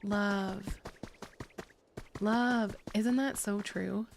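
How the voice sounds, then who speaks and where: A woman talks loosely to her viewers while she plays a game, giggling and restarting her sentences. Her voice has a gravelly, fry-tinged edge, and her pitch sits in an ordinary middle range. Game music plays clearly underneath her. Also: steady tone, extremely slow. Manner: chatty, giggly, rambling with restarts. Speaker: streamer. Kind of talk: casual gaming stream chat.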